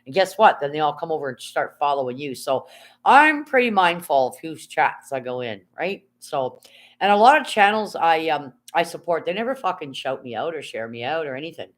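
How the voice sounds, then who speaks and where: A woman's voice: deep voice, sing-song, a little fast. Chatty woman live streaming. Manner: chatty, rambling, swears freely, reads chat aloud. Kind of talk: casual live stream chat.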